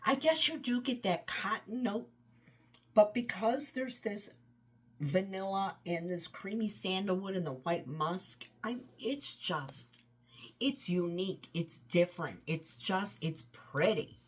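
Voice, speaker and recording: A home fragrance vlogger casually reviews wax scents, rambling enthusiastically and often trailing off. Her medium-pitched voice is slow and husky, and it sounds tired and run down.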